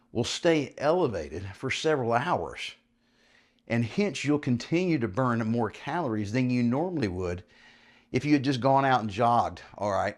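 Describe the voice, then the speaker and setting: A man in his fifties, a fitness coach talking casually through a home workout, counting reps aloud and laughing easily. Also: fairly low pitch. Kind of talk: home workout vlog with instruction.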